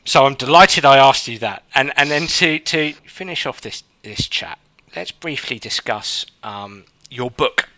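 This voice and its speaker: A man hosting a sports psychology podcast, talking in a lively, casual interview style with frequent restarts and fillers. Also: medium pitch, unhurried, slight background noise. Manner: animated, many restarts and fillers. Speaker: podcast host.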